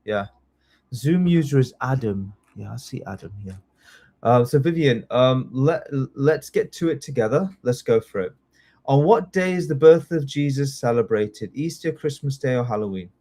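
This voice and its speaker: A man teaching a live online test-prep class, chatty and excitable, often apologizing as he goes. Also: medium pitch, moderate pace. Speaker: citizenship test tutor.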